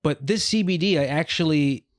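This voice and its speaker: A man's voice: fairly high pitch, moderate pace, no echo, clean studio sound. A man chatting casually on a podcast, loose and profane, laughing often.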